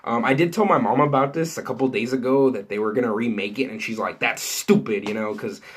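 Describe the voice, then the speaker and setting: A man chats loosely with his viewers about movie news, circling back on his sentences and leaning on fillers as he goes. His delivery is casual and unscripted, like someone thinking out loud to the camera. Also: mid-range voice, quick pace, slight background noise. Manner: rambling, many fillers and restarts, lots of "you know" and "like". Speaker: entertainment news vlogger.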